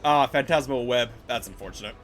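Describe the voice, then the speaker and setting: Male streamer, bright voice, very lively pitch, jokey, faint game music. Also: fairly quick. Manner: animated, jokey, swears freely. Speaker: streamer playing a video game. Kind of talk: casual gameplay commentary.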